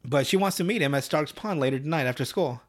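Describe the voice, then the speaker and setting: A man's voice: a little high, quick pace. A man hosting a podcast, recapping a cartoon episode in a profane, rambling, laugh-filled casual style. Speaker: podcast host.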